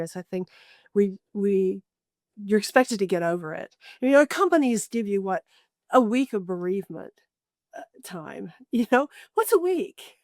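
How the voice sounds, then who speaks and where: Woman, interview guest, caregiver coach, earnest and emphatic, mid-pitched voice, dry recording. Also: a little mellow, no room sound. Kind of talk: interview conversation.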